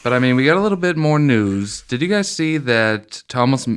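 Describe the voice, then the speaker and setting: A man's voice: medium pitch, sing-song, normal speed, clear, resonant tone. A man hosting a podcast, chatting casually in a playful, profane and teasing way. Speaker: podcast host. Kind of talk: casual chat.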